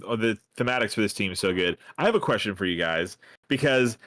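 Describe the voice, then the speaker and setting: A man's voice: fairly low pitch, animated, fast talker, fairly bright tone. A man co-hosting a casual podcast, enthusiastic and moving the talk along with questions. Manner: enthusiastic, steers the topic with questions. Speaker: podcast co-host. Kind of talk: casual chat.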